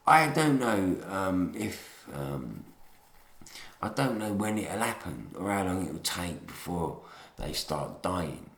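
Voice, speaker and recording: A man's voice: sits low, very animated, slow pace, gravelly, a bit bright. A man delivering a bitter, contemptuous ranting monologue. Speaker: speaker giving a talk. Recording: echoey room.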